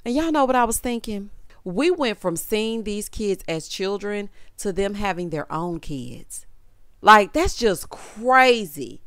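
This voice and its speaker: A woman, giving a sassy, animated reality TV recap and calling her viewers honey and child. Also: medium pitch, takes it slowly, dry recording, clean studio sound. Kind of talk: casual recap commentary.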